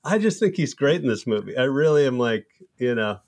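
Man, comedy troupe member, casual podcast talk, profane anecdotes, medium pitch. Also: brisk. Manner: profane, animated anecdotal storytelling.

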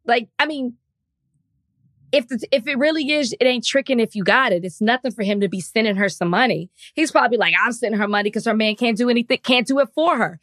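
A woman's voice: on the high side, quick pace, a bit bright, no room sound. A woman co-hosting a podcast, giving her opinion in a casual, conversational way. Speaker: podcast co-host. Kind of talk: casual chat.

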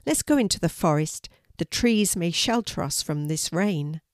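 A woman's voice: lowish voice, animated, moderate pace, no echo, studio quality, natural voice. An older woman voicing a miserable, cross little girl in a storybook reading. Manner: sulky and cross.

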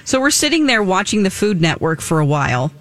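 Animated woman telling a story on radio. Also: mid-range voice, a little fast. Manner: animated, laughing, acting out quoted lines. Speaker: radio show co-host.

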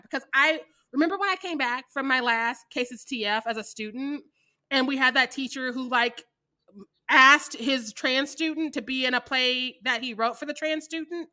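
High bright-voiced woman, animated and laughing. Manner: animated, laughs often, acts out quotes. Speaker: podcast co-host. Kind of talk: casual chat.

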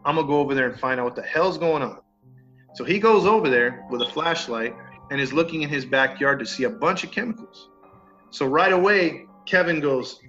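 A man's voice: on the high side, a little fast. A man casually telling a story on a podcast, acting out the people in it and cursing mildly. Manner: animated, acts out quoted neighbors, mild cursing. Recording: dull lo-fi sound with faint music.

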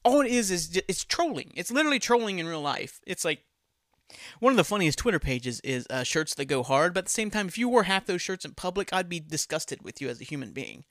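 A man's voice: high voice, sing-song, a little fast, a bit bright, dry recording, clean studio sound. A man hosting a casual solo podcast, ranting bluntly with lots of swearing and laughing at his own jokes. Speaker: podcast host.

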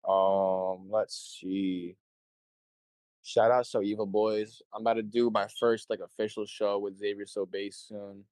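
Young male guest, lowish voice, loose swearing storyteller, dry close mic. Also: flat delivery, a little slow, darkish tone, no echo. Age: young adult. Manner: rambling storyteller, swears freely, acts out quotes. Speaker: interview guest, show promoter. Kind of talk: casual conversation.

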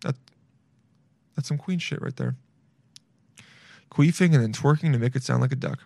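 A man's voice: medium pitch, moderate pace, vocal fry, dark tone, no room sound. A young adult man hosting a podcast, rambling through blunt, crude, jokey commentary in a casual chat. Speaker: podcast host.

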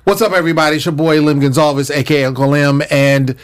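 A man hosting a TV after-show podcast, playful and hypey, with lots of ums and pauses. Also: a little high, steady tone. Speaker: podcast host. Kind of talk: casual TV after-show chat.

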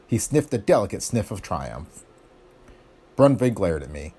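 Husky-voiced man narrating hardboiled pulp. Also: low voice, big pitch swings, warm tone. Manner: wry, brisk first-person delivery with slangy tough-guy patter. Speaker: audiobook narrator. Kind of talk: scripted narration of a hardboiled pulp detective story.

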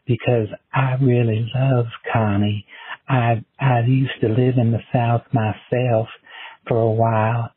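A man's voice: mid-range voice, husky. A man leaving a long, rambling, repetitive voicemail for a radio-style show. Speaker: voicemail caller. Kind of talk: rambling phone message. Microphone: phone. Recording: tinny phone line.

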